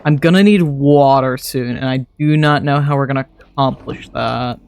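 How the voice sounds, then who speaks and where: A man's voice: mid-range voice, normal speed, gravelly, a little mellow, slight background noise. A man streaming a modded game, chatting casually and thinking aloud to himself as he plays. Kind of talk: casual gameplay commentary.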